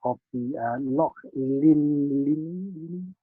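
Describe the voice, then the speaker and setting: A man's voice: fairly high pitch, very slow, dry recording, phone-quality sound. A man co-hosting a casual car podcast, reading out listener emails with frequent hesitant fillers. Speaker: podcast co-host.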